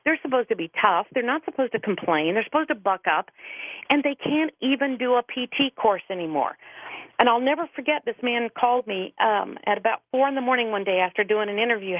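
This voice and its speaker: A middle-aged veterans' advocate calls in by telephone as a radio guest, earnestly telling stories and quoting people at length. Her voice is a little high, coming through a tinny, dry phone line with no room sound.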